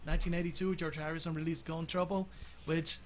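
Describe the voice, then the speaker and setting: Guy cohosting a chat show, high pitched, easygoing and excited. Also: a little fast, slight background noise. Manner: enthusiastic, laid-back, switches between English and Spanish. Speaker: co-host of a music talk show. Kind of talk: casual bilingual chat.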